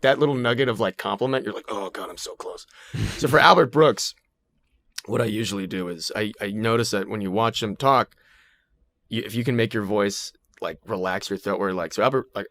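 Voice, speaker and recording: A man's voice: on the low side, dry recording. A man, an actor and impressionist, chatting casually and animatedly as a podcast guest, joking as he goes. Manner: animated, rambling, jokey. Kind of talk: casual chat.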